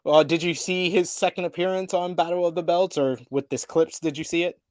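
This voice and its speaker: A man's voice: fairly high pitch, fairly even intonation, a little fast, no echo. A man co-hosting a casual wrestling review, recapping the show with frequent laughs. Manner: laughs often while recapping. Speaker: co-host.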